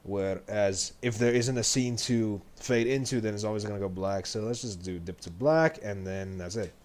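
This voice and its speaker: A man with a somewhat low voice walks through a video edit in casual stream talk. He explains each step loosely and often stops to rethink. It feels like a relaxed tutorial. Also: normal speed. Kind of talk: casual editing walkthrough.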